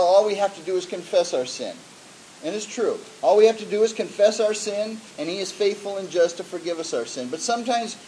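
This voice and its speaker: Man, pastor, sermon, high-pitched, chatty, fillers and restarts, faint hiss. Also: darkish tone, low-quality recording. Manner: conversational preaching with many fillers and restarts.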